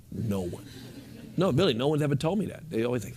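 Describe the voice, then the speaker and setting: A man guiding a group through a meditation, speaking in a relaxed, instructive way and repeating his phrases. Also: on the low side, quick pace, slight background noise. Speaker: meditation teacher. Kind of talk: guided meditation with a live group.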